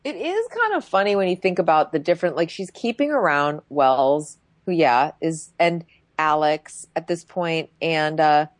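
A woman's voice: low voice, very animated, moderate pace, dry recording. A woman co-hosting a casual comedic recap chat, retelling events in a plain, matter-of-fact way. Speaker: podcast co-host.

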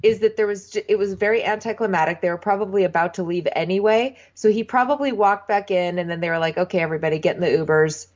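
A woman's voice: medium pitch, fast, few pauses, a little mellow. A woman with a mid-range voice talks through a recap, blunt and incredulous and swearing often. The recording is slightly dull and lo-fi. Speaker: podcast co-host. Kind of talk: casual recap chat.

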